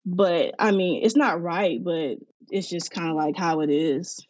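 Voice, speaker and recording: A woman's voice: on the low side, unhurried, over music. A young woman telling her personal story in a candid, reflective way, speaking earnestly with casual fillers. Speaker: interviewee sharing her story.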